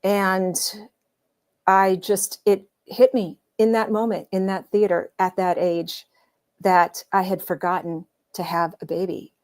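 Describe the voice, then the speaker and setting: A woman, older than her forties, telling a candid personal story in a conversational way, with many pauses and fillers. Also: medium pitch, little pitch movement, darkish tone. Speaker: guest storyteller.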